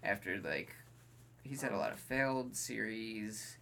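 A man's voice: fairly low pitch, animated, unhurried, vocal fry, a bit bright, a little hiss or hum. A man in casual podcast chat, rambling and searching for words as he describes a TV show. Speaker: podcast co-host.

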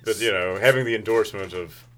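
A man's voice: on the low side, fast, fairly bright tone. A man on a casual podcast panel with a wry, easygoing way of talking. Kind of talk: casual group chat.

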